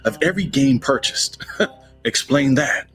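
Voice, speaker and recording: A man's voice: medium pitch, expressive, unhurried, a bit bright, faint music behind. A man voicing a sarcastic, insulting rival company in a comedy skit, hurling accusations. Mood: accusing.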